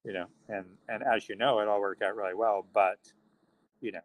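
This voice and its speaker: A man's voice: lowish voice, brisk, low-quality recording. A man, the interview guest, telling a long anecdote and acting out the voices of the people in it. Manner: animated storyteller acting out quoted voices.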